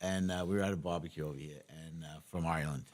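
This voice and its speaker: A man's voice: a bass voice, fast. A man hosting an interview, chatting casually and chiming in with short agreements. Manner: frequent short agreements, relaxed anecdotes. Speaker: podcast host.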